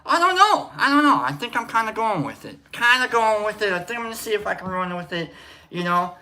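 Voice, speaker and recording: A man's voice: high-pitched, lively intonation, fast talker, pushed and bright, a little hiss or hum. A man hosting a casual livestream, rambling and joking while greeting viewers by name. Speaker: livestream host.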